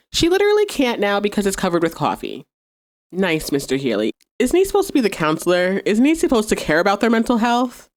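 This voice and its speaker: A woman hosting a podcast, casually recapping a TV episode, chatty and sassy, laughing often. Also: on the low side. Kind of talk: casual recap with quoted dialogue.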